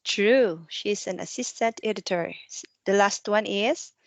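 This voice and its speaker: A woman tutoring English one to one over a video call, asking patient questions and explaining slowly with some non-native grammar. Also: medium pitch, dry recording. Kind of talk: one-to-one online English lesson.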